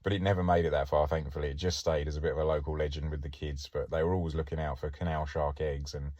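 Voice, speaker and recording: A man's voice: rumbling low, level tone, fast, darkish tone, no room sound, highs cut off. A middle-aged man, a podcast host and former police diver, telling stories in a chatty, wry way and often laughing. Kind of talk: casual anecdotal storytelling.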